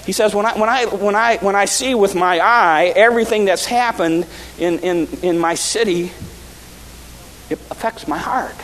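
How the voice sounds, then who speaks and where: A man with a high voice preaches an earnest sermon from a church pulpit. He often stumbles and repeats words as he goes. His voice rings with the long echo of a large hall. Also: normal speed, fairly bright tone, slight background noise. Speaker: pastor.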